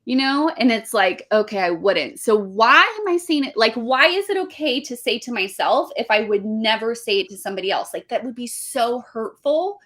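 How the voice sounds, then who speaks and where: Woman coach chatting on a podcast, kinda high voice, earnest and lively. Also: moderate pace, hardly any pauses. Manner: earnest, animated, speaks of camps and self-talk. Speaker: guest, weightlifting coach. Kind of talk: casual podcast interview.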